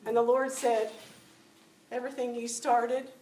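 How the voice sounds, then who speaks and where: A woman giving a spoken testimony to a church audience, telling stories with lively acted-out dialogue. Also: a little high, measured pace. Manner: animated storytelling, acting out dialogue. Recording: echoey room, distant mic, faint noise.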